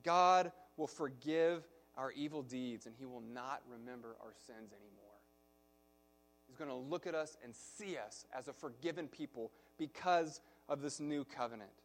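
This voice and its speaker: A male pastor preaching a sermon, telling a personal story in an animated way, swinging from soft to loud. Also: mid-range voice, moderate pace.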